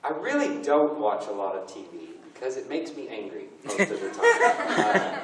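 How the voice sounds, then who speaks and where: At a convention panel in a large hall, a voice actor in his thirties fields fan questions with self-deprecating jokes. His mid-range voice swoops wildly in pitch at a moderate pace, captured from afar in a noisy, echoey space with a crowd behind him.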